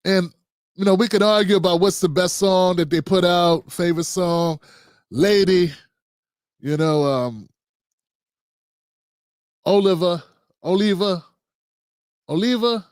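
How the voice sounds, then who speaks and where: A man's voice: sits high, unhurried, long pauses, darkish tone, smooth, no room sound, clean studio sound. A man in his fifties hosting his own political talk show, talking loosely and joking with slang and rambling asides. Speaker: host.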